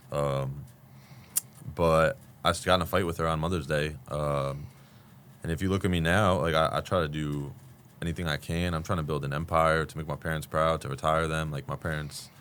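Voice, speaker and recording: A man's voice: very deep voice, a bit bright, slight background noise. A man in his thirties, a guest candidly telling his recovery story in a rambling way, full of fillers. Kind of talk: candid podcast conversation.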